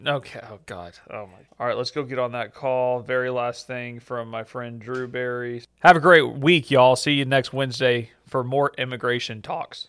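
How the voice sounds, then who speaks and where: A man's voice: mid-range voice, fairly even intonation, normal speed, hardly any pauses, fairly bright tone, clean tone, faint music behind. A man hosting a casual podcast, joking and sarcastic as he chats. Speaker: podcast host and immigration lawyer.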